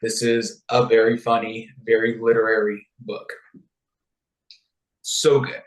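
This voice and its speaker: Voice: mid-range voice, flat delivery, unhurried, roomy sound, low-quality recording. A podcast co-host retelling a text in a playful, chatty way and laughing often. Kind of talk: casual chat, retelling a text.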